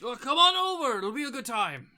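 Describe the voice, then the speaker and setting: A man's voice: very high-pitched, sing-song, brisk, pushed and bright, pitched above the performer's own voice, heavily acted. A man voicing a jovial, friendly tavern drinker who greets strangers with a cheery "aye". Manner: hearty, welcoming, says "aye".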